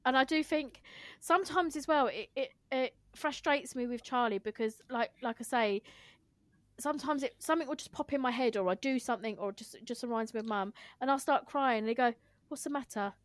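A woman's voice: high-pitched, fairly quick, no room sound. A woman, a guest on her sister's podcast, telling stories bluntly and swearing freely. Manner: frank, swears freely, tells anecdotes. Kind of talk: casual chat.

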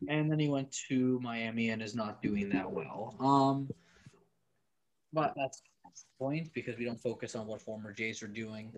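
A man's voice: medium pitch, unhurried, crowd noise. A man co-hosting a sports podcast, chatting in a wry, offhand way with plenty of likes and ums. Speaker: podcast co-host. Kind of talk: casual sports podcast chat.

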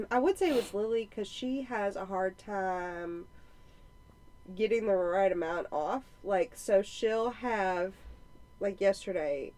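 A woman in her thirties telling funny family stories in casual chat, lively and then dropping quiet for asides. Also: medium pitch, slow. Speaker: podcast co-host.

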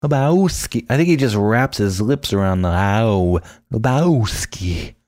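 In clean studio sound with no room echo, a podcast co-host with a lowish, slightly mellow voice speaks at normal speed. He talks casually about a film and performs lines in playful voices.

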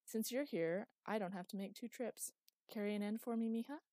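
A woman's voice: medium pitch, a little fast, warm tone, no room sound, pitched above the performer's own voice, lightly acted. A woman voicing a weary middle-aged father with dry, self-mocking humor, wry and grumbling. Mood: wry teasing.

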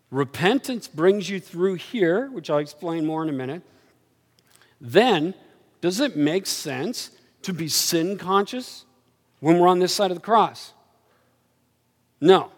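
Man, preacher, sermon, animated storytelling, slightly high voice, reverberant hall. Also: slow, long pauses. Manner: animated storytelling, swinging from low murmurs to excited highs.

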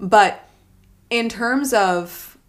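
A woman in her thirties co-hosting a podcast, casually chatting about movies, animated and swearing freely. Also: fairly high pitch, drawn-out words. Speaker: podcast co-host.

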